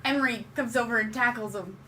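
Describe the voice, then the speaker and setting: A woman's voice: on the high side, heavy background noise. A woman playing a tabletop game, chatting casually and laughing easily. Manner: quick to laugh. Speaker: player.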